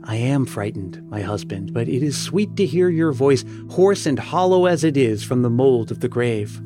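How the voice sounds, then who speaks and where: A man's voice: mid-range voice, expressive, normal speed, close to an everyday voice. A man voicing the frightened ghost of an old peasant wife in a gothic story, speaking in an awed, pleading way. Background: music.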